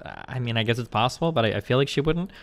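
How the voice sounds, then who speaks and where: Man, rapid-fire, blunt, argumentative, casual stream chat. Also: mid-range voice. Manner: fast, blunt, argumentative, profane. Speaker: streamer and co-host.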